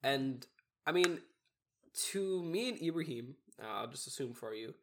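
Congested, raspy young man podcasting. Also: medium pitch, expressive, a little slow, slight background noise. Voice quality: raspy, nasal. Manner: rambling, easygoing. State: congested from a cold or allergies. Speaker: podcast co-host. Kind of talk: casual chat.

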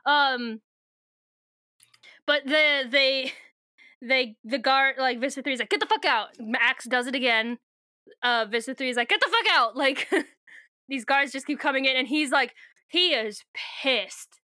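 A young woman co-hosts a podcast in loose, rambling chat, cursing casually and breaking into laughter. Her voice is high and smooth, recorded close and dry. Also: steady tone, slow pace, pauses often, pushed and bright, dry recording. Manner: rambling, swears freely, laughs often. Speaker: podcast co-host recapping a book.

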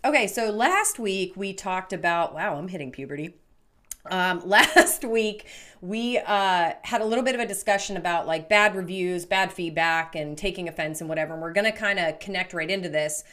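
Chatty female podcast co-host, low-ish voice, loose filler-heavy delivery. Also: moderate pace, a bit bright. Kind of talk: casual chat.

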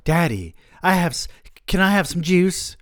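Guy doing a whiny little kid voice, high and small, dry close mic. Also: big pitch swings, normal speed, no echo. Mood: pleading. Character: small child asking for juice.

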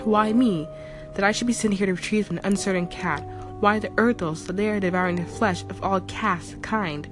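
A woman voicing a huge, aloof male cat-like spirit messenger who speaks in calm, cryptic pronouncements, for an audiobook story. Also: medium pitch, moderate pace, music in the background, close to an everyday voice. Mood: solemn.

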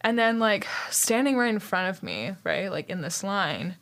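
A woman in casual banter, telling a story that wanders. She fills it with constant filler words and mid-pitched, everyday talk. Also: big pitch swings, normal speed, a bit bright. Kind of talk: casual comedic chat.

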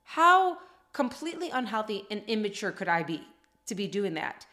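A woman's voice: mid-range voice, sing-song, normal speed, sharp tone. A middle-aged woman in casual podcast chat, telling heartfelt family stories in an earnest way. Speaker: podcast co-host.

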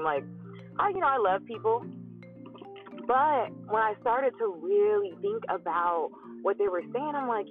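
A woman's voice: medium pitch, very animated, moderate pace. A woman hosting a casual solo podcast, musing aloud and acting out her own thoughts with lots of hums. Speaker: podcast host. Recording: tinny phone-like sound with faint music.

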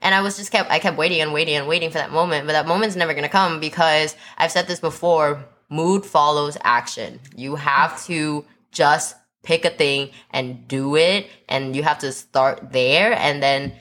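A woman's voice: low-pitched, moderate pace, hardly any pauses, a bit bright. A woman co-hosting a podcast in a casual chat, candid and swearing freely. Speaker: podcast co-host.

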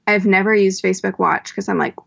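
A woman guest on a podcast, chatting casually and telling stories with quick asides. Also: medium pitch, steady tone, creaky, husky. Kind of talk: casual chat. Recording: dull lo-fi sound.

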